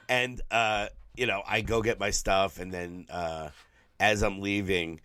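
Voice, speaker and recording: A tired-sounding podcast co-host from New York tells stories in a casual chat, animated and profane, mimicking the people in them. His low, throaty voice moves slowly, and there's no echo.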